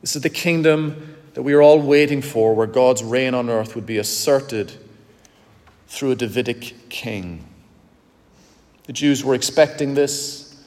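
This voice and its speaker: A man preaching a sermon with emphatic, dramatic swings between loud and soft. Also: medium pitch, unhurried, long pauses. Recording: long hall reverb.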